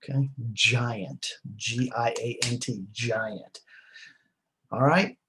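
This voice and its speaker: A man's voice: mid-range voice, slow pace, fairly bright tone, slight background noise. A man lecturing a class in a conversational way, with fillers and short emphatic repeats.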